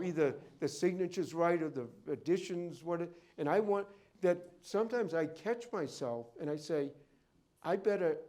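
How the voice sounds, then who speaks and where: A man on the higher side with a darkish tone tells rambling stories at a library event. He deals in and appraises rare books, and his anecdotes keep veering off on tangents.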